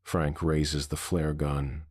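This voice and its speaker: A man narrating a scripted horror story in a measured, somber way. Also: extremely low pitch, flat delivery, dry recording, clean studio sound.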